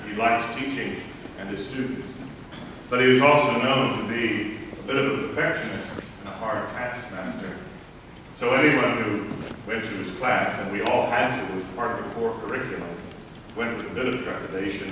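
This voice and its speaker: Bright-voiced man preaching in an echoey hall. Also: medium pitch, slight background noise. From Southern Maryland, US. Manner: personal storytelling, wry and reflective. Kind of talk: sermon. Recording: echoey hall, picked up from far off.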